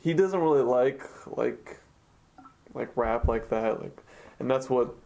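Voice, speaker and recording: Young dude guest on a podcast, fry-heavy voice, chatty. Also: male voice, mid-range voice, slow pace, dark tone. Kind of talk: casual chat.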